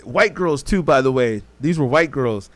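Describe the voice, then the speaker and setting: Animated and medium-pitched, this podcast host talks at a moderate pace without echo. He tells a loose, rambling story full of swearing, dramatizing what others said.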